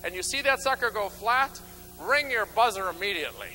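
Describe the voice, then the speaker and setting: A man giving an energetic motivational talk from a stage, acting out little scenes and swinging from loud bursts to low mutters. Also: brisk, slight background noise, low-quality recording. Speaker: motivational speaker. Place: stage before an audience.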